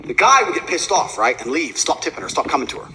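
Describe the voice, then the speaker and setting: A man's voice: fairly high pitch, sing-song, fast, pushed and bright, a little hiss or hum, poor audio. A man telling a profane, boastful story as a podcast guest. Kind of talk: casual podcast chat.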